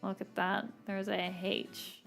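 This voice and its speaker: A woman's voice: mid-range voice, completely flat delivery, slow pace, gravelly. A woman streamer chatting casually while she draws, rambling and laughing often. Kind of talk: casual chat while drawing. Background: faint background music.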